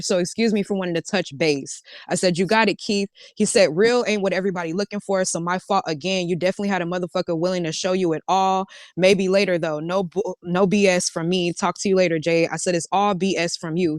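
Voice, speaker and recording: A woman with a smooth, clear voice casually walks through a string of text messages, narrating each side with "he said, I said." The sound is close and dry, with no room around her. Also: fairly low pitch, no echo. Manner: relaxed, reads messages aloud with "he said, I said". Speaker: storyteller reading out text messages. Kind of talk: casual recounting.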